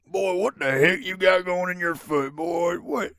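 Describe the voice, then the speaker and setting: A young man doing an impression of his gruff, excited middle-aged father, loud and drawling. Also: sits high, unhurried, no room sound, clean studio sound, pitched above the performer's own voice, exaggerated voice. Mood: grossed out.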